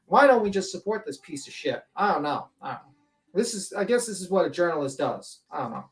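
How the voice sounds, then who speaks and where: A man's voice: sits high, sing-song, fairly quick. A male livestream host reading a document aloud with blunt, profane, indignant asides.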